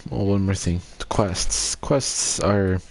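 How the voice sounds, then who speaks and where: A man who hosts a gaming channel recaps a casual game in a relaxed, rambling way, full of hesitant fillers. His voice is low and his pace is slow.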